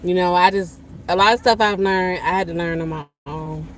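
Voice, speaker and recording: A woman's voice: lowish voice, steady tone, moderate pace, slight background noise. Chatty woman live-streaming outdoors on a phone. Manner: laid-back and chatty, laughs often, slangy; talks while eating. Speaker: livestream host. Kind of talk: casual live-stream chat, reading viewer comments. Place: outdoors while walking.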